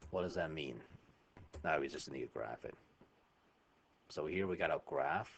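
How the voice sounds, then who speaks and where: Low-voiced casual math teacher. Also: male voice, moderate pace, gravelly, slight background noise. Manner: casual, chatty, frequent "right?" checks. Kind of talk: screen-recorded math lesson.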